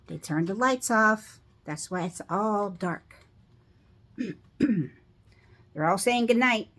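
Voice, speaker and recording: A middle-aged woman reading a picture book aloud to children, pausing to ask them questions about the pictures. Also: fairly low pitch, a bit bright. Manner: slow, asks children questions.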